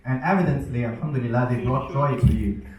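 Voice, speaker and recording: A man's voice: mid-range voice, fast, a little mellow, a little hiss or hum. A young man performing a stand-up comedy set, telling stories about his teaching and acting out his students' voices. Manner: storytelling with acted-out student voices. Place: event hall with a live audience. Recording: echoey hall, mic heard from a distance.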